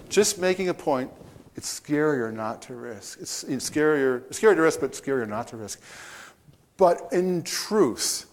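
Male preacher, mid-pitched, animated storyteller with audience asides. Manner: animated, with restarts and chuckles. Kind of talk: conversational sermon.

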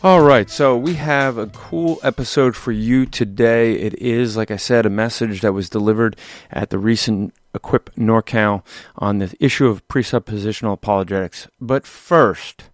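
A man's voice: lowish voice, moderate pace, no room sound. A man hosting a podcast, teasing and challenging other hosts in playful banter. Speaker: podcast host. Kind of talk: casual podcast talk.

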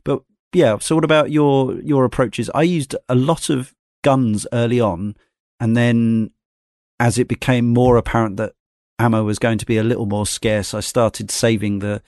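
At normal speed and with fairly even intonation, a man with a medium-pitched, slightly mellow voice hosts a podcast. He wanders thoughtfully through a game in casual discussion, passing questions along to his co-hosts, in clean, echo-free studio sound.

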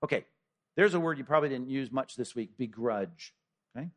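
A man's voice: mid-range voice, brisk. A middle-aged man preaching a sermon, retelling a parable with casual asides and acted-out voices. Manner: animated storytelling, acting out voices of the parable. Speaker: pastor.

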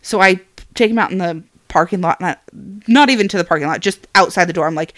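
A woman's voice: on the low side, fast, a bit bright, no room sound, clean studio sound. A woman in her thirties, a podcast co-host and parent, telling a story in casual chat and acting out the quotes with animation. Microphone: podcast microphone.

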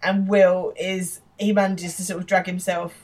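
A woman's voice: lowish voice, little pitch movement, moderate pace, darkish tone. A woman chatting through a TV episode on a casual podcast, hedging with fillers and laughing easily. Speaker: podcast co-host.

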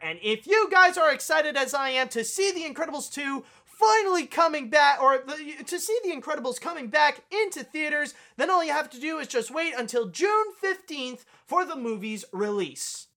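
An enthusiastic man hosts a casual news podcast. He rambles a little, with plenty of fillers, and keeps his excitement up as he talks through trailers and clips. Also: high voice. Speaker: podcast host.

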